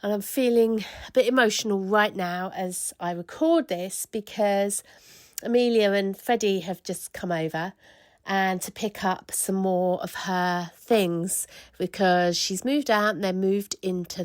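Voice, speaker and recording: A woman's voice: mid-range voice, no room sound, studio quality. A middle-aged woman hosting a casual solo podcast, gushing and emotional, rambling with many restarts. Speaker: podcast host and spiritual coach.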